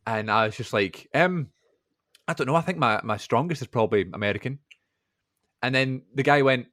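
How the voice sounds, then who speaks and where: A man's voice: mid-range voice, fast talker, a bit bright, no echo, clean studio sound. A man co-hosting a podcast, telling self-deprecating anecdotes in casual film chat. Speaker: podcast co-host.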